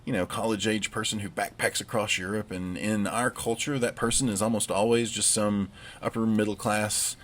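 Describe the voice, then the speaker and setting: A man with a Southern US accent delivers a recorded literature lecture in a fairly low voice. He keeps it conversational and drops in wry asides. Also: flat delivery, normal speed. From United States.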